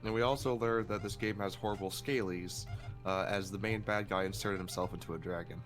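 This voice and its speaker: A man with a fairly low voice trades dry, teasing banter while co-hosting a game playthrough. Clear music plays behind him. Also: brisk. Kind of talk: casual gaming commentary.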